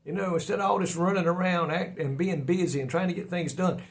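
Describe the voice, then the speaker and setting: A man's voice: high-pitched, fairly even intonation, fast. A man giving a daily devotional sermon in a folksy, earnest way. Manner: folksy, earnest, repeats words when stumbling. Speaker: devotional preacher.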